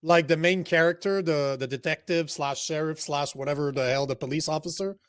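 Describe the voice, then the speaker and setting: A man's voice: on the high side, steady tone, brisk, smooth, dry recording, clean studio sound. Profane, blunt French-speaking man. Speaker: podcast co-host. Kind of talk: casual political chat.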